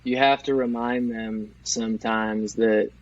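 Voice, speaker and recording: A man's voice: on the low side, steady tone, a little slow, highs cut off. A man co-hosting a podcast, trading joking, teasing banter in casual sports chat. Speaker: podcast co-host.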